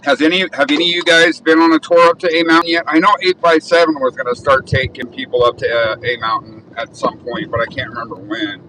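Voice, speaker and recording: A man's voice: medium pitch, little pitch movement, fast, hardly any pauses. A man hosting a casual livestream while driving, chatting and reading viewer comments aloud. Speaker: livestream host. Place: in a car on city roads. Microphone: phone held in car. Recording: distant phone mic with road noise. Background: traffic noise.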